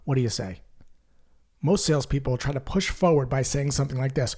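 A man teaching sales calls in a calm, measured way, acting out short sample lines. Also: medium pitch. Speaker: sales trainer. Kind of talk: instructional voice-over.

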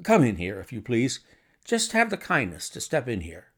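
A man's voice: mid-range voice, huge pitch swings, normal speed, a bit bright, husky, heavily acted. A man voicing a nervous, jumpy middle-aged man who talks in a jittery, pleading way.

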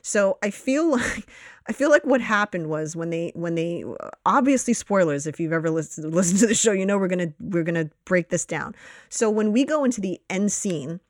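A woman co-hosting a casual movie review chat, animated and swearing, her voice jumping up when she makes a point. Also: normal speed, dry recording, clean studio sound. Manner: animated, swearing, jumps in pitch when emphatic. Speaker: podcast co-host.

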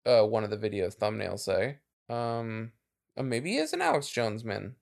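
A man's voice: lowish voice, big pitch swings, normal speed, gravelly. A man co-hosting a podcast in casual chat, laughing often and trailing off into fillers. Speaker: podcast co-host.

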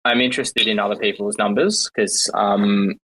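A man's voice: on the low side, fairly even intonation, moderate pace, fairly bright tone, low-quality recording. A man co-hosting a casual chat, joking and teasing as he plays along. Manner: joking, teasing, playfully scolding.

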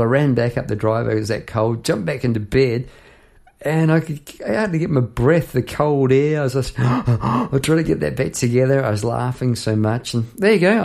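A man's voice: medium pitch, creaky, a little mellow. A middle-aged Australian man, a songwriter and piano teacher, chatting casually and laughing at himself as he tells a story.

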